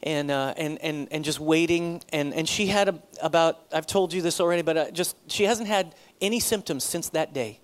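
High-pitched pastor guy preaching a story, gets loud when he acts out what people said. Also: normal speed, hardly any pauses. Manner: animated, acts out dialogue with sudden loud high bursts. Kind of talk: sermon storytelling.

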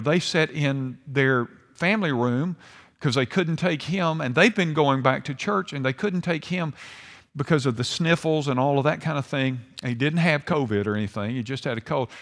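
An older man preaching a sermon, swinging between hushed and emphatic delivery. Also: on the high side, moderate pace, gravelly. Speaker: pastor. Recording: long hall reverb.

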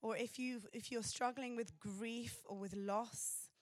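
A woman preaching a sermon in an earnest, pausing way. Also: fairly high pitch, steady tone, dry recording, studio quality.

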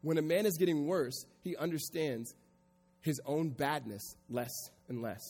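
A man preaching a sermon in a church hall, his slightly high voice trailing a long echo. He drops into quiet, reflective stretches, then climbs into loud, emphatic preaching to the congregation. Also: a little slow, slightly rough, soft background music. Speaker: pastor.

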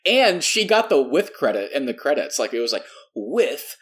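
A man co-hosting a podcast in easy, casual chat. His pitch swoops up and down, and he breaks into laughter often. His voice sits in a middle register. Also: big pitch swings, a little fast, a bit bright, breathy edge. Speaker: podcast co-host.

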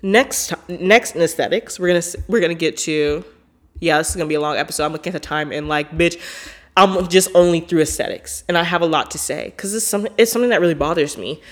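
She talks fast in a fairly low voice, a podcast host holding forth on her own in a casual, emphatic and foul-mouthed way. Her animated delivery leans heavily on "like" as a filler.

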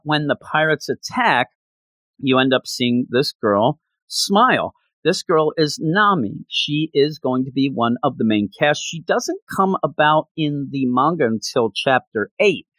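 Animated man recapping an episode. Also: on the high side, dry recording. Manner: animated storytelling with acted-out quotes. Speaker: anime reviewer.

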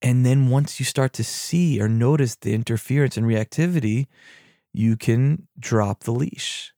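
Man, podcast host, meditation guide, calm, unhurried, gravelly, dry sound. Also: medium pitch, no echo. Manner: calm and unhurried, with self-mocking humor.

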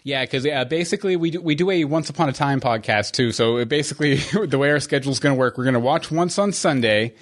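A man's voice: mid-range voice, fast, few pauses. A man co-hosting a casual podcast, rambling through plans with frequent fillers and easy laughter. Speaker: podcast host.

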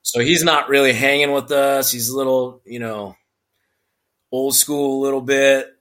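A man's voice: mid-range voice, measured pace. A middle-aged man, a former Marine sergeant, telling a story in casual conversation and acting out the voices he quotes with laughs. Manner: animated, acts out quotes with laughs.

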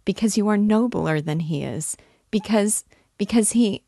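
A woman reads an emotional young woman torn in love, who pleads and breaks off halfway through her sentences. The voice sits low and slow, with a gravelly edge. The sound is close and dry. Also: steady tone, darkish tone, dry recording, full character voice. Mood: impassioned. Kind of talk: dramatic reading of a novel.

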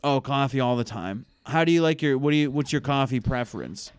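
A man's voice: mid-range voice, lively intonation, brisk, smooth. A man hosting a casual remote podcast, chatting and joking in a playful, rambling way. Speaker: podcast host. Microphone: headphones and remote call mic.

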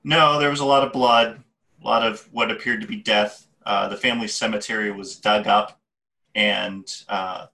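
A man playing a tabletop game, speaking haltingly in character. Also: fairly low pitch, steady tone, vocal fry, bright, forceful tone, distant mic. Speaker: player. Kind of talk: tabletop role-play.

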